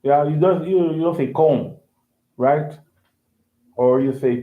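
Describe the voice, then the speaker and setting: A man's voice: fairly high pitch, slow. Man teaching over a tinny call. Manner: explains with many restarts and checks for understanding. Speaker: English teacher. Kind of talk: online English lesson. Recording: echoey tinny online call.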